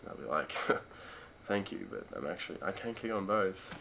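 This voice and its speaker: A young man with an Australian accent, a college football player chatting casually as a podcast guest, relaxed and quick to laugh. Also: low-pitched, creaky. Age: young adult. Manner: laid-back, chatty, laughs easily. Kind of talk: casual chat.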